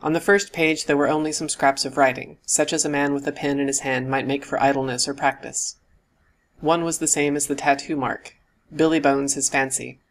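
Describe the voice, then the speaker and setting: Male audiobook narrator, steady and even delivery, scripted reading. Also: on the high side, a little fast.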